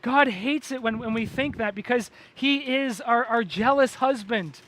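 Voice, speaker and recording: A man preaches a sermon from a church pulpit. His voice sits high and sounds bright and forceful. He drives his points home with emphatic repetition and quick restarts. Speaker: pastor.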